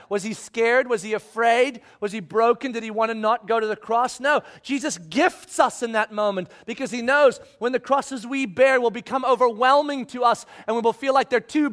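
A man preaching a sermon, acting out Bible voices and swinging from loud pleas to hushed, near-whispered lines. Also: extremely high pitch. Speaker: pastor.

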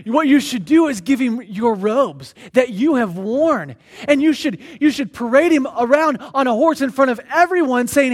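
A man with a high-pitched voice preaches a sermon, acting out the scripture story with lively energy. When he reads the passages aloud, he slows down and grows quieter. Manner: animated storyteller who acts out the characters.

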